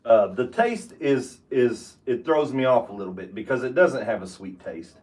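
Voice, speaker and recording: A man giving a casual tasting review of bourbon, talking with halting restarts and fillers. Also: medium pitch, expressive, a little mellow, roomy sound, recorded from a distance. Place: home basement room.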